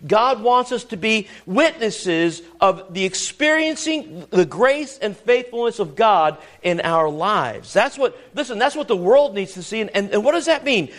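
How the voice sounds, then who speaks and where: A man preaching a sermon as pastor, emphatic and repetitive, full of rhetorical questions, in a church. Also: high voice.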